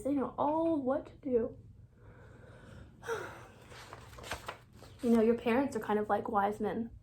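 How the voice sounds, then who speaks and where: A woman reading a children's picture book aloud in an animated way, with whispered asides to the young listeners. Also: on the high side. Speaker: reader.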